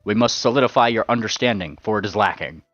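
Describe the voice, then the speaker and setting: A man voicing a stern, stoic male earth pony mentor who speaks in a flat monotone. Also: lowish voice, fast, dry recording. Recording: dull lo-fi sound.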